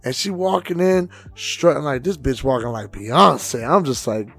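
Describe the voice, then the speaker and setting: A man co-hosting a podcast, telling loud, profane stories in a casual way and acting out other people's voices with big swings in pitch and volume. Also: lively intonation, normal speed, vocal fry, few pauses, slightly rough, faint music behind. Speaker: podcast co-host and DJ.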